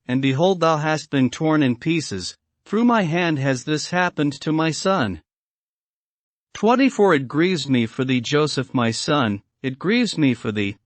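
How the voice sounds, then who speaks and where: A man's voice: on the high side, a bit bright, no echo. Sad old dad crying out for his son, man reading it out, archaic words, dry close sound. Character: grieving old father, broken and wailing.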